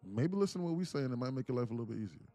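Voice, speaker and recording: Rapid-fire yet mellow, this day trading livestreamer's voice is mid-range and expressive, with soft background music behind him. He rambles through a loose, casual rant, cracking jokes and laughing a lot.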